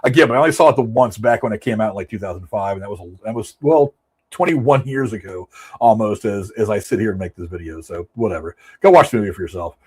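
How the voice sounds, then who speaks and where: A man's voice: on the low side, fast talker, breathy edge. A man in his forties hosting a casual movie commentary show, rambling offhand and reacting to quotes he reads aloud. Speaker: show host.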